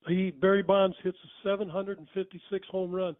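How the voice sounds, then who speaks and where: Older male storyteller, higher voice, chuckling asides, tinny dry phone-like audio. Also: level tone, normal speed, dry recording. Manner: rambling, self-correcting, chuckling. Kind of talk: casual storytelling.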